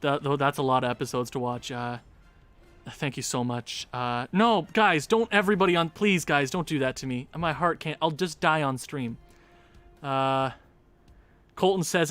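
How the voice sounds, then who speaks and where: A young man talks through a casual gaming livestream from his home setup. His voice is bright and sits a bit high, and he chats in loose, rambling asides to viewers while faint music plays underneath. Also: normal speed, clean tone.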